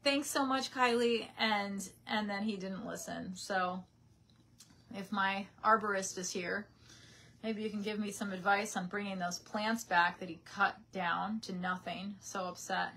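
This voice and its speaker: A woman's voice: medium pitch, steady tone, a little slow, pushed and bright. A young woman chatting casually on a live stream from her parents' house, reading out viewer comments on a webcam mic.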